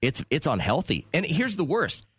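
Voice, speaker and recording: A man's voice: on the high side, wildly swooping pitch, moderate pace, a bit bright, husky, no room sound, clean studio sound. A man co-hosting a radio show, chatting casually and telling joking stories. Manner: joking storyteller, acts out quotes. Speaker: radio co-host. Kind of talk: casual morning radio banter.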